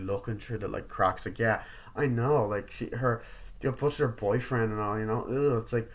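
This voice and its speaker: A man giving a casual film review, rambling and swearing as he retells scenes with quick acted-out quotes. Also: on the low side. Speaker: movie reviewer.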